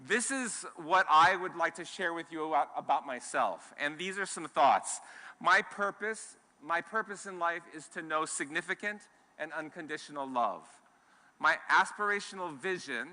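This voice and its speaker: A middle-aged man from Hawaii gives a keynote on a conference stage, eager and full of restarts. His voice is bright and forceful, a touch higher than most men. It rings through a large hall. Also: lively intonation, normal speed. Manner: warm, enthusiastic, with restarts. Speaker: conference speaker. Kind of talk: keynote talk to a live audience. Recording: long hall reverb.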